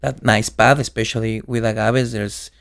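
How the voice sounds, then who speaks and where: A man's voice: lowish voice, normal speed, vocal fry. A young man from Ecuador with an Ecuadorian Spanish accent, a bartender and podcast guest talking casually and acting out the voices in his stories. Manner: animated storytelling, acts out quoted voices.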